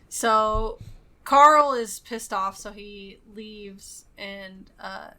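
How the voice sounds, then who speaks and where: Podcast co-host, woman, bright tone, rambling casual recap with fillers. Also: medium pitch, very slow. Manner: rambling retelling with frequent fillers and laughs. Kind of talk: casual movie recap chat.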